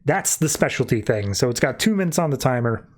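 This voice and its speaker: A man's voice: medium pitch, big pitch swings. Casual man recapping a comic. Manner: retells scenes by acting out quick character voices. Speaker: podcast host.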